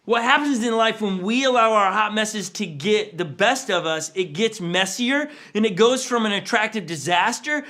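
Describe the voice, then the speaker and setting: On a church livestream, a pastor in his forties preaches in a relaxed, chatty storytelling style. His high voice comes across bright and forward, moving at a normal speed with few pauses. When quoting family members in his stories, he acts them out with sudden, big jumps in pitch.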